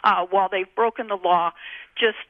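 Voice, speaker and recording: A woman's voice: medium pitch, steady tone, normal speed, no echo. A woman making her points firmly and emphatically as a radio guest. Her voice reaches the listener through a thin, tinny phone line, and it sounds dry and close. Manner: emphatic, insistent. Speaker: guest on a radio call-in show. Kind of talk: firm debate talk on air.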